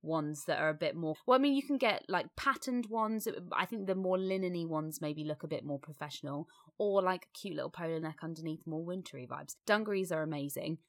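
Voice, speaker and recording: Low, gravelly woman co-hosting. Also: fairly quick, hardly any pauses. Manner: candid, sweary, rambling. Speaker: podcast co-host. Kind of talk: casual podcast chat.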